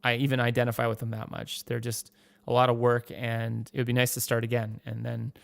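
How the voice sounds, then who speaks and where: Gravelly man rambling on a podcast. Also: mid-range voice, completely flat delivery, brisk, no room sound. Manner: rambling, swears, acts out quoted dialogue. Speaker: podcast host. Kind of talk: casual monologue.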